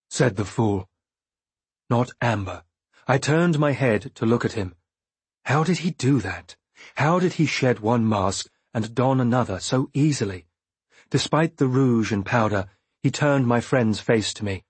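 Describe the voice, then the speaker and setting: A man narrating a first-person audiobook in a measured, brooding way. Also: mid-range voice, breathy edge, dry recording.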